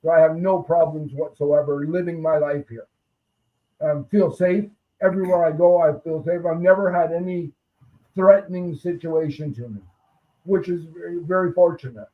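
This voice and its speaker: A man talking in a casual chat, speaking haltingly with many pauses and restarts. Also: on the high side, fairly even intonation. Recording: tinny phone-like line.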